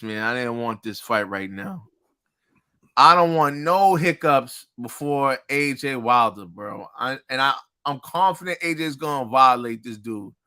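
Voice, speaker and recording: A man's voice: mid-range voice, pushed and bright, clear, resonant tone. An American man co-hosting a boxing talk show, giving his candid opinion in a laid-back casual chat.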